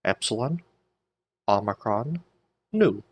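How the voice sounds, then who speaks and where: Slow, patient low-voiced male teacher. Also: expressive, husky. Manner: slow, patient, asks questions and answers them, repeats sounds aloud. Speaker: Greek teacher. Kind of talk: slow spoken lesson.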